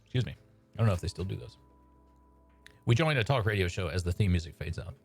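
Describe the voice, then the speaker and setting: Man hosting a casual live stream, hesitant and low-pitched, faint music behind. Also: animated, fast talker, long pauses, breathy edge. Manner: hesitant, many fillers. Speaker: sketch writer and stream host.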